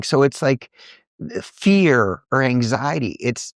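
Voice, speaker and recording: A middle-aged man, an entrepreneur and coach, telling earnest, animated stories in a podcast conversation. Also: medium pitch, slow pace, dry recording, clean studio sound. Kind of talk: conversational storytelling.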